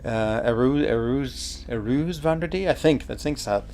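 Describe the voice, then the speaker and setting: A man's voice: mid-range voice, a little slow, a little mellow, soft background music. A man chatting casually while streaming a mobile game, thinking aloud, answering chat and laughing easily. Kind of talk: casual live gameplay commentary.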